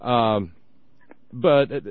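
A man's voice: medium pitch, drawn-out words, no room sound. Dry, wry male radio host. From West Virginia. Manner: wry, drawling, self-mocking. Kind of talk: casual political talk radio. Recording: muffled dry radio studio sound.

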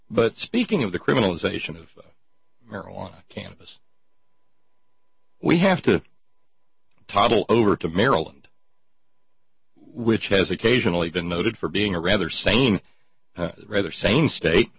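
Talk show host, male, low husky voice, dry sarcastic delivery, dull lo-fi recording. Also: expressive, normal speed, long pauses, dry recording. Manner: mocking, reads listener messages aloud. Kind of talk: casual sardonic commentary. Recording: dull lo-fi sound.

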